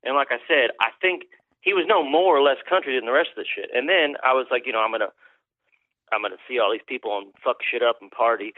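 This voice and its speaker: A man's voice: mid-range voice, quick pace, no room sound. A man, a country musician guest, telling rambling, profane stories in a casual interview. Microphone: phone call. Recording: tinny phone line, dry.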